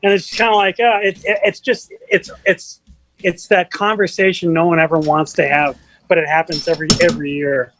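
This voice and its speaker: A man guesting on a podcast, talking in halting, self-deprecating casual chat, often repeating words. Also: a little high, steady tone, fairly bright tone, no echo, poor audio.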